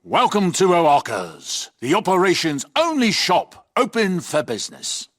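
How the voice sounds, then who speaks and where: Sly game merchant, raspy, swoops all over, folksy sales pitch. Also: male voice, very animated, unhurried, fairly bright tone, full character voice. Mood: wheedling. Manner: folksy, wheedling salesman patter. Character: scheming chatty male merchant.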